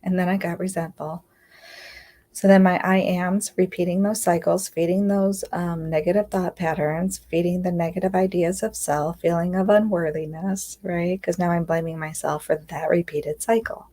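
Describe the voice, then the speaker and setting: A woman's voice: on the low side, steady tone, normal speed, mellow. Earnest woman coaching viewers on a live stream. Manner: earnest, confiding, repeats "right?" often. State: close to tears at times. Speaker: inner healing coach. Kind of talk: live-stream self-help talk.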